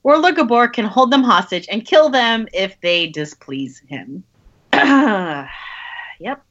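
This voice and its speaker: A woman's voice: a little high, animated, slow, a bit bright, highs cut off. A woman on a podcast casually recapping a novel, wry and laughing between lines. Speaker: podcast host summarizing a novel.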